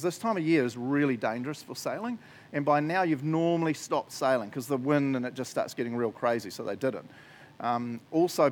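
Chatty kiwi preacher, mid-pitched man. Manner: chatty, jokey, laughs often. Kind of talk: casual sermon.

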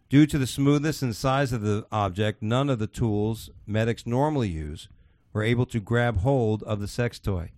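A man's voice: mid-range voice, brisk, darkish tone, no echo. A man hosting a podcast, chatting casually and reading out odd news stories in a crude, swearing, laughing way. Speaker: podcast host.

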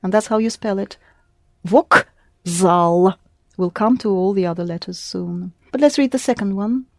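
A woman's voice: medium pitch, brisk, vocal fry, warm tone, dry recording. Female language teacher, patient and explanatory, medium voice, dry recording. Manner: patient, explanatory, prompting the student with questions. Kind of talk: one-on-one language lesson.

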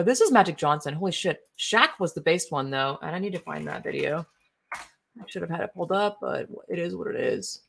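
Indignant, low-voiced woman ranting casually. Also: vocal fry. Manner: indignant, profane, rambling with fillers. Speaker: political commentary streamer. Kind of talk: casual ranting commentary while browsing posts.

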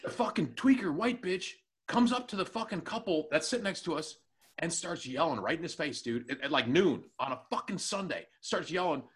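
Profane, animated storytelling man. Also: on the high side, fairly quick. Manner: profane, animated anecdote telling with acted-out quotes. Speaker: podcast co-host and new tech guy. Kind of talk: casual chat, storytelling.

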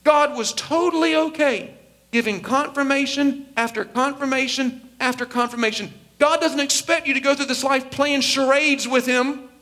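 High, bright-voiced preacher man. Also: moderate pace. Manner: animated, acts out Bible characters in comic voices. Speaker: pastor. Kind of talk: sermon.

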